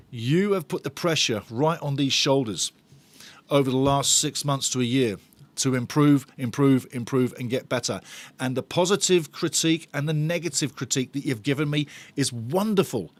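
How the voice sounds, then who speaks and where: A man's voice: mid-range voice, no room sound. A man hosting a live football watch-along, chatting with viewers in a bantering, sarcastic way. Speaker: host of a football fan watch-along channel.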